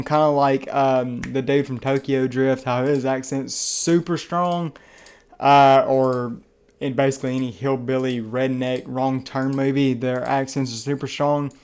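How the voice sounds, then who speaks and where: A man with a Southern accent talks through a film review, his voice sitting at an ordinary middle pitch. He sounds earnest and enthusiastic, and his casual, rambling delivery keeps restarting phrases as he hunts for the next thought. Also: fairly even intonation, a little slow, a little mellow, clear, resonant tone. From Southern United States. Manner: rambling and chatty, restarts phrases, many fillers. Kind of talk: casual spoken movie review.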